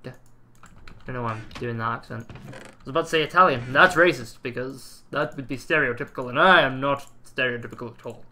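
A man's voice: mid-range voice, a little fast, pushed and bright, a little hiss or hum. A man casually commentating his own gameplay, chatty and jokey, swearing now and then. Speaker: let's play host.

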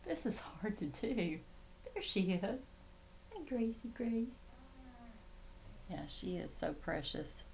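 Slow, gravelly-voiced woman vlogging at home. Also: fairly low pitch, lively intonation, a little hiss or hum. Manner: rambling, easily sidetracked. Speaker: Christian vlogger. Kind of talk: casual home vlog. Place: home room.

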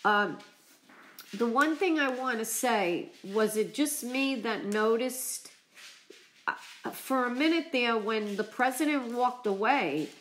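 A woman vlogger chatting on a live stream, emotional and choked up from crying, talking haltingly with many restarts. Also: on the high side, a bit bright, slight background noise. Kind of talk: casual live-stream chat.

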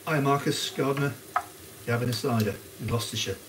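A man with a mid-range voice hosts a live cooking stream, talking a little fast and greeting viewers by name as he cooks. It's a casual cookalong chat. Onions sizzle in a pan behind him, adding frying noise to the background.

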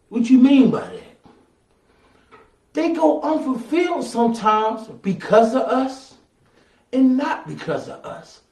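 High-voiced preacher in an echoey church. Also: male voice, far from the mic. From Southern US. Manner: call-and-response preaching, building to shouts. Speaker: pastor. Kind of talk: sermon. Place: church sanctuary, from afar.

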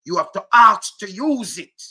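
A middle-aged man with a strong Jamaican accent delivers a heated rant, slipping between Patois and English. His voice sits high and rings sharp and tense. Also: a little slow. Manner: animated, repetitive, mixes Patois and English. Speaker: commentator.

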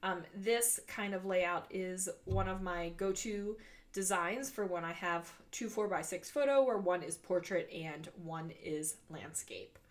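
A woman's voice: fairly low pitch, a little slow. A woman in her forties, congested and breathing through her mouth, narrating a casual crafting voice-over in a chatty, rambling way with frequent ums. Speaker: scrapbooking video host.

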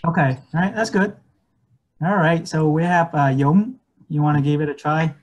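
A man teaching medical English in an online class, patiently repeating words slowly and switching languages. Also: on the high side, darkish tone, lo-fi sound.

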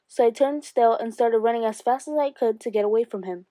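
A woman teacher reading a memoir aloud to her class, steady and expressive, with rises for emphasis. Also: on the high side, brisk, dry recording.

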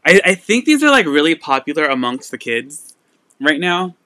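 A young man chatting away as he hosts a live sale stream, his voice bright and forward. The tone is smooth and clean, recorded dry and close with no room sound. He rambles easily, full of fillers and little laughs. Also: a little high, sing-song, normal speed, dry recording. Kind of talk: casual live-stream chat.

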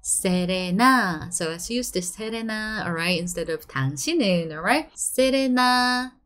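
Korean teacher lady in her 30s, korean accent, bouncy lively voice, cheery encouraging lesson talk. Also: medium pitch, slight background noise. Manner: lively, encouraging, drawn-out model phrases. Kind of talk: online language lesson.

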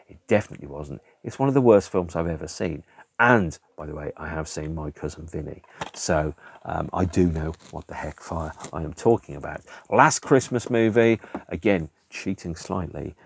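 A man's voice: very deep voice, creaky, slightly rough. A man hosting a casual podcast, reviewing films in an exasperated, emphatic way with rhetorical questions and the odd swear word. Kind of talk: casual chatty film review.

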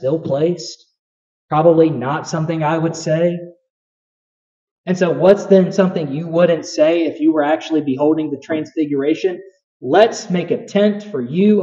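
A man's voice: a little high, dark tone, lo-fi sound. A man preaching a sermon as pastor, talking conversationally with frequent restarts and building emphasis.

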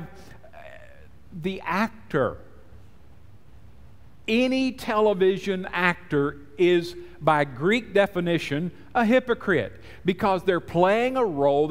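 Preaching from a church sanctuary, a male pastor tells stories and acts out the people he quotes. His voice is high, with a big-room sound.

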